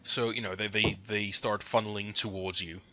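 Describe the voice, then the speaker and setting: A man with a bright, forceful voice serves as game master, narrating the fight in a casual, chatty way. The recording sounds dull and lo-fi. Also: on the low side, flat delivery, moderate pace, slight background noise. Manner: casual, chatty, hums while looking up rules.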